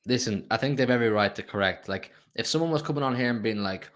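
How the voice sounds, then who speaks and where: A young man chats on a fan live stream in a teasing, jokey way. His voice sits mid-range and relaxed in pace. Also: mid-range voice, fast. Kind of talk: casual chat.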